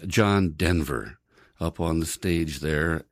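An older male radio host rambles through memories with plenty of ums and uhs. His voice is very deep and sits close on a dry studio mic. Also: slow, no echo. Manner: rambling, reminiscing, many fillers. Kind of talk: casual radio talk.

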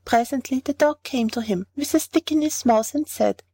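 A woman narrating a storybook fable in a clear, even reading voice. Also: sits high, moderate pace, no echo. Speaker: audiobook narrator.

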